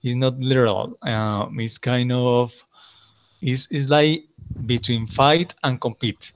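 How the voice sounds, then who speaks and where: A man's voice: medium pitch, fairly even intonation, takes it slowly, no echo. A man with a Colombian Spanish accent and Spanish as his first language, patiently teaching English grammar step by step in an online lesson. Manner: patient, explains step by step, switches to Spanish to clarify.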